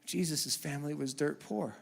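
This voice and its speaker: A man in his thirties preaching a sermon with humor, moving from hushed asides to loud, fervent passages. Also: on the high side, normal speed, gravelly, breathy edge. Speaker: pastor. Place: church auditorium. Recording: long church hall reverb.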